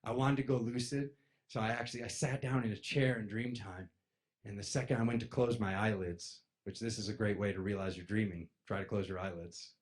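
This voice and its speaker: A man's voice: on the low side, fairly quick. A man giving a casual spiritual talk to an audience, telling stories and acting out other people's voices. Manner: animated, acts out voices in stories, addresses crowd as "you guys". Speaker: spiritual speaker.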